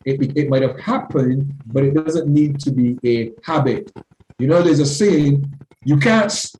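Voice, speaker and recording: Man, class leader, mellow tone, light background noise, earnest. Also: on the high side, expressive, moderate pace, roomy sound, low-quality recording. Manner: earnest, self-deprecating, repeats phrases. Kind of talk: teaching discussion.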